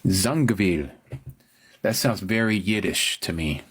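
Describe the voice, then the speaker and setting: A man with a low, husky voice hosts a livestream at a slightly slow pace. In casual live-chat fashion, he muses over how words are pronounced, answers viewers, and reads scripture aloud.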